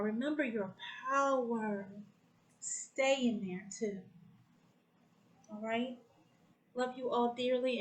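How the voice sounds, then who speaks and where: A woman host speaks with effusive warmth and open emotion. Her voice sits slightly high, and her words pour out heartfelt and full of feeling. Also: poor audio. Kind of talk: casual spiritual chat.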